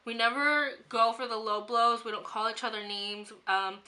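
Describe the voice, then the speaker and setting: A woman's voice: fairly high pitch, steady tone, moderate pace, pushed and bright. A young woman vlogging in a chatty, rambling way, with a sore throat and an occasional cough. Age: young adult. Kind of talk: casual chat to camera.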